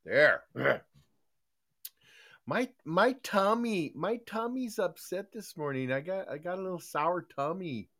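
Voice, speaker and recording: A man's voice: sits high, lively intonation, moderate pace, few pauses, a bit bright. An older man hosting a casual live podcast, rambling with lots of fillers and folksy, chummy greetings. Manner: rambling, loose, many fillers and restarts. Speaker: podcast host.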